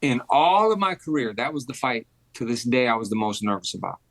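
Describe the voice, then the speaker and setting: A man in his fifties with a gravelly, creaky voice recalls his fights as an interview guest, with a lot of animated repetition. His voice sits at a middle pitch and is recorded dry and close, with no room around it. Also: a little fast, dry recording. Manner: animated storyteller who repeats phrases for emphasis. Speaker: former boxing champion, guest. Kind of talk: casual interview storytelling.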